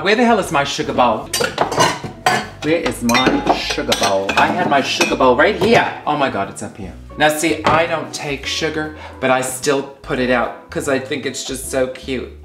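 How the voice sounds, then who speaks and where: A man's voice: a little high, a bit bright, reverberant. A man hosting a comedic tea-making demonstration in his home kitchen, campy and theatrical, with exasperated swearing asides. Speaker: comedy host.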